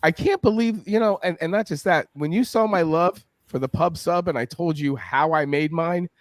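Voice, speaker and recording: A man in his fifties hosting a casual chat, telling stories loudly and swearing freely. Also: a little high, moderate pace, no room sound. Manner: profane, boisterous storyteller. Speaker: podcast host.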